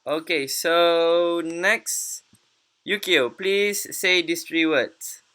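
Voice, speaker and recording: A woman teaching English pronunciation in an online class, patient and encouraging, repeating words slowly. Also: lowish voice, a bit bright.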